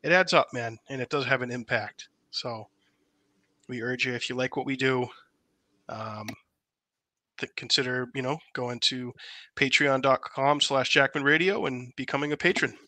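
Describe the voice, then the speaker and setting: A man co-hosting a political podcast, blunt and emphatic, with plenty of fillers. His voice is very bright and forceful. The sound is dry and close, with no room echo. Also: medium pitch, normal speed. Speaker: podcast co-host. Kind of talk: casual political chat.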